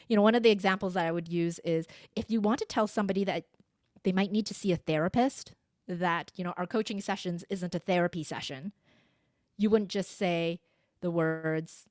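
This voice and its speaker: A middle-aged woman voice coach chatting in an interview, animated and expressive, acting out the voices of the people she quotes. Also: fairly low pitch, normal speed, no echo, studio quality. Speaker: voice coach guest. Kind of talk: casual interview chat.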